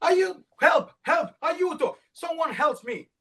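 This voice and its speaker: A man with an Italian accent voicing Red, a proud, hot-tempered male color, shouting in a storybook tale. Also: high-pitched, very animated, unhurried, voice pushed up, exaggerated voice. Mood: panicked. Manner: shouting, alarmed.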